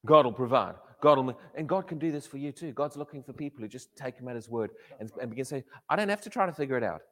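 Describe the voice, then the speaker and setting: A man preaching a sermon in an animated way, often repeating his words and acting out quotes. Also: medium pitch, fast talker. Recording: echoey hall reverb.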